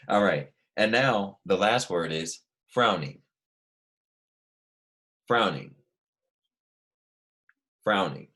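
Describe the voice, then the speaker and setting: Low-voiced patient male teacher. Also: lively intonation, fairly bright tone. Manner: patient, questioning, explains step by step; slow, careful dictation with each word repeated. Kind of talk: recorded classroom lesson for students at home.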